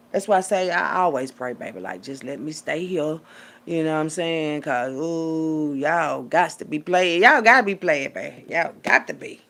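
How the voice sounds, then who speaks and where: A woman delivering a profane, preachy rant as a little sermon, swinging between hushed asides and loud outbursts. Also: lowish voice, creaky. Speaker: vlogger giving a street sermon.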